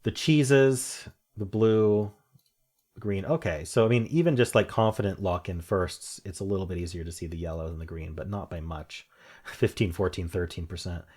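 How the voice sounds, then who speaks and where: A man's voice: low-pitched, moderate pace, a little mellow. A young man casually talking through word puzzles, musing aloud and chuckling at his own jokes. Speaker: puzzle game streamer. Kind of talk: casual solo commentary while solving puzzles.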